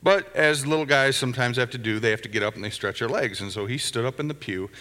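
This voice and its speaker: A middle-aged pastor preaches a conversational sermon in a church sanctuary, telling anecdotes with chuckling asides. His medium-pitched voice moves quickly and sounds pushed and bright, with long hall reverb on the recording.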